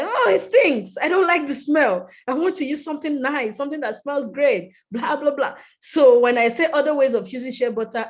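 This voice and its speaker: A woman's voice: medium pitch, darkish tone. Woman telling a heartfelt personal story. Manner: earnest, emotional storytelling with vivid detail; acts out quoted people in a raised voice. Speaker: podcast guest, skincare brand founder. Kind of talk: personal storytelling in a podcast interview.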